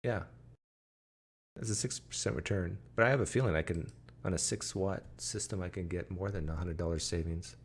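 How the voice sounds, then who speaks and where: Male livestream host, somewhat low voice, casual and chatty, reads out comments. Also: normal speed, slightly rough. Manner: chatty, reading and answering comments aloud. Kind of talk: casual live chat with viewers. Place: home.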